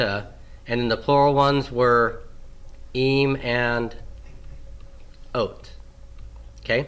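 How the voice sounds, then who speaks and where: A man's voice: mid-range voice, slow pace, long pauses, fairly bright tone. A man teaching Hebrew grammar in a classroom lecture, asking questions and answering them himself and repeating the key forms.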